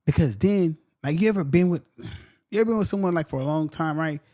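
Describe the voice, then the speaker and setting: A man talks through his podcast in a loose, blunt way. He circles back and repeats his points, and sometimes slips into quick mocking voices. His voice sits a little high and has a warm, mellow tone. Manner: repetitive, blunt, mocks others with quick voices. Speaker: podcast host. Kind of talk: casual commentary.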